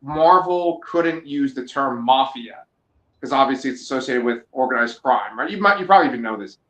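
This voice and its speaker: A man's voice: mid-range voice, a little fast. A man co-hosting a podcast, chatting casually. He swears a lot and jokes as he tells stories. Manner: profane, joking, animated storytelling. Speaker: podcast co-host. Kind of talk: casual chat. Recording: echoey room.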